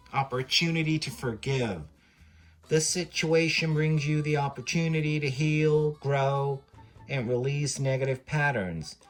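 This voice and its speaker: A man's voice: medium pitch, pitched above the performer's own voice, close to an everyday voice. A man reading a card message aloud in a put-on US Southern accent, earnest and sing-song.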